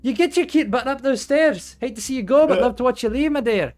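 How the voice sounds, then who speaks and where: A man's voice: very high-pitched, expressive, brisk, darkish tone, faint music behind, voice pushed up. Man putting on a doting Scottish old housekeeper. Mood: teasing. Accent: put-on Scottish. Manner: sing-song, calls everyone dear.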